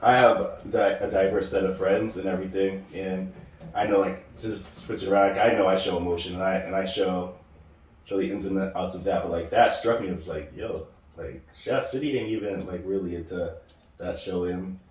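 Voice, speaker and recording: Animated man telling stories in an echoey room. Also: low-pitched, moderate pace, recorded from a distance. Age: 30s. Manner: animated storyteller, laughs often. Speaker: podcast co-host. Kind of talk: casual chat.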